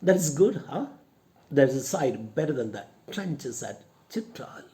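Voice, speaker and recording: A teacher voicing a blustering, one-armed old army sergeant, pitching up and speaking louder. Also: very animated, takes it slowly. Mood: pleased. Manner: hearty, boisterous, laughing at the question.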